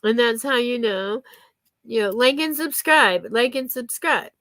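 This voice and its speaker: A woman's voice: on the high side, lively intonation, measured pace, fairly bright tone, no room sound. A woman chatting casually with viewers on a live stream, giggling often and thanking them by name.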